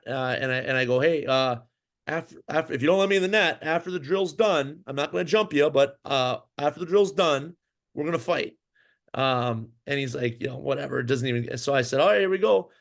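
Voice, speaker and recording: A man, a former pro hockey goalie, telling a long story in a casual interview, full of fillers and restarts. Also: medium pitch. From Minnesota. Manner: animated, rambling storyteller with many fillers and restarts.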